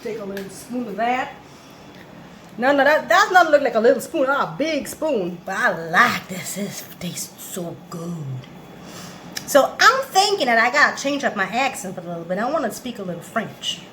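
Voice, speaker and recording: A woman's voice: on the high side, very animated, normal speed, a bit bright, a little hiss or hum. A Trinidadian woman giving a casual cooking demo in a home kitchen, jokey and chatty. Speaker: cooking vlogger. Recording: echoey room with faint ambience.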